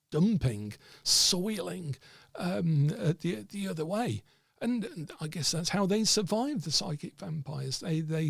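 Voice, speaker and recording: A man's voice: a little high, creaky, a bit bright, husky, dry recording, studio quality. A man hosting an occult discussion, telling a story in a rambling, casual way with many fillers and restarts. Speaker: host of an occult discussion stream.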